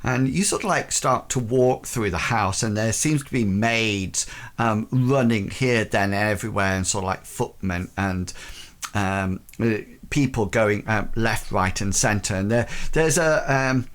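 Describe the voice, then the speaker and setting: A man narrating as game master, rambling and halting with many ums and fillers. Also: fairly low pitch.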